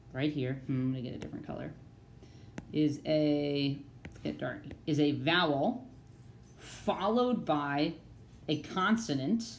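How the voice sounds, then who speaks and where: Low-voiced teacher in an echoey room. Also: female voice, slight background noise. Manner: patient, encouraging, slows down for key terms. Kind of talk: virtual classroom phonics lesson.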